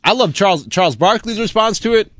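A man hosting a sports radio talk show, animated and quick to laugh and tease his co-hosts. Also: high-pitched, dry recording, clean studio sound. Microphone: studio microphone.

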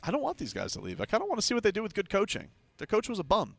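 A man's voice: high voice, huge pitch swings, very fast, creaky, dry recording. A man hosting a sports radio show, arguing in a combative, teasing way. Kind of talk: argumentative sports talk.

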